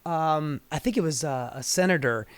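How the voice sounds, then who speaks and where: A woman's voice: deep voice, normal speed, clear, resonant tone, dry recording. Profane fired-up woman ranting, dry mic. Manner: profane, fired-up, swings between muttering and shouting. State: voice getting strained. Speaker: political commentary host. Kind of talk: heated political rant.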